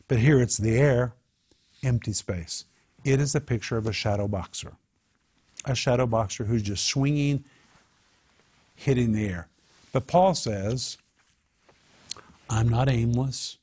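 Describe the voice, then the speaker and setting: A man's voice: medium pitch, darkish tone, slightly rough. A man teaching a Bible study in an emphatic way, repeating his key phrases.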